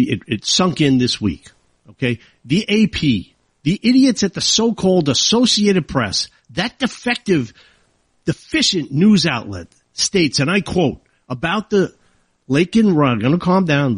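Man, talk radio host, husky voice, swooping lively pitch, indignant and heated, dry studio sound. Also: dry recording. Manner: heated, indignant, rising to outbursts. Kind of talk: opinionated talk radio monologue.

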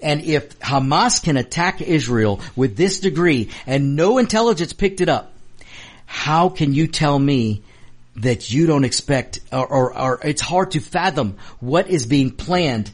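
A man's voice: on the high side, lively intonation, measured pace. A man hosting a political commentary show, talking fervently and repetitively while addressing his audience directly.

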